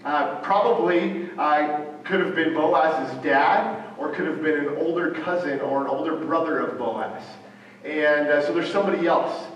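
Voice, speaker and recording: Man, preacher, sermon, halting delivery, slightly high voice, distant mic, faint background hum. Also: dull audio. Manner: halting, with frequent fillers and restarts. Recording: echoey hall from far off, faint ambient noise.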